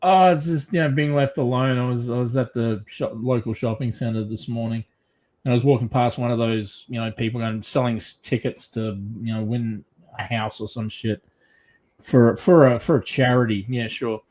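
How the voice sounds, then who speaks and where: A man's voice: medium pitch, fairly even intonation, moderate pace, a little mellow. A man co-hosting a casual livestream, telling stories with crude language and laughter. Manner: profane, storytelling, laughs at his own tales. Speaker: podcast co-host.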